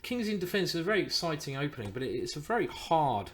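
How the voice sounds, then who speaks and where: A man's voice: a little high, very animated, fast talker, a little hiss or hum. A man streaming live chess, thinking aloud about his moves and swearing and groaning when things go wrong.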